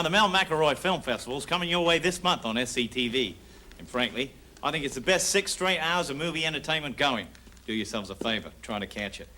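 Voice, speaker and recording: An actor playing a boastful Australian action-film star with an Australian accent, pitching in a brash, salesman-like way in a 1980s sketch comedy. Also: sharp tone, slight background noise. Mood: confiding. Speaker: commercial pitchman.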